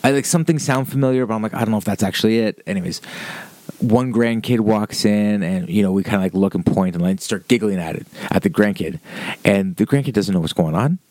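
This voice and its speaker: A man's voice: on the low side, brisk, a little mellow, no echo. A man casually telling a rambling story, swearing freely, with lots of "like" and "um" along the way. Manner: rambling, profane, with frequent fillers.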